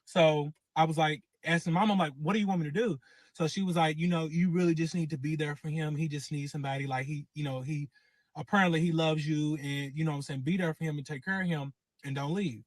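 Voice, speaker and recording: An animated man tells a personal story, jumping into each quote with cursing and punch. His voice sits a bit high for a man, and the sound is dry and close. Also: fast talker, no echo. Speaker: guest telling his story. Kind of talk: casual storytelling.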